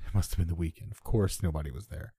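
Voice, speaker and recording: A man reading a first-person horror story in a measured, subdued way. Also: deep voice, mellow, breathy edge, dry recording, studio quality.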